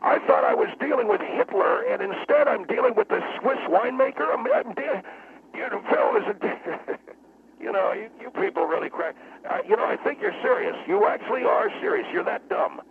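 A man voicing a hot-tempered, blustering male guest with a gravelly voice that flares into shrill outbursts, as a comic radio character. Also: big pitch swings, normal speed, a little hiss or hum. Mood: ranting. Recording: tinny phone line.

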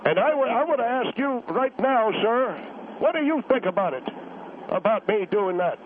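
Man doing a halting, defiant old war veteran on a tinny phone line. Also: very high voice, lively intonation, slight background noise, voice pushed up. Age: older. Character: older male war veteran grandfather, stubborn and gruff. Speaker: caller.

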